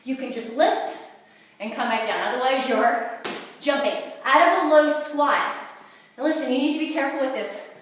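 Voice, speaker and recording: A woman fitness instructor with a fairly high voice calls out moves as she does them, getting winded as she goes. She is recorded from across a large room, and the sound is very echoey and distant. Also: moderate pace, slight background noise. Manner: cueing moves while exercising. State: out of breath. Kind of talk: workout demonstration.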